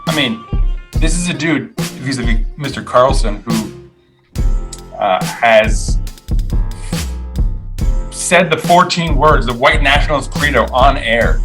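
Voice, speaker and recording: Man, podcast host, casual news commentary, sardonic, rambling, average pitch, faint background music. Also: slow, long pauses, low-quality recording. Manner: opinionated, sardonic, many fillers and restarts.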